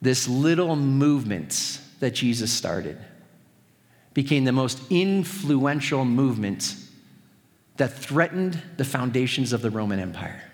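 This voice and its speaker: A man's voice: mid-range voice, sing-song, measured pace, big-room sound. A man preaching a sermon as pastor, conversational and earnest with touches of humor.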